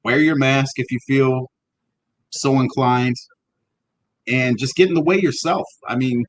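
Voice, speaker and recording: A man co-hosting a casual history podcast, speaking bluntly with swearing and halting restarts. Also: mid-range voice, rough recording. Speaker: podcast co-host.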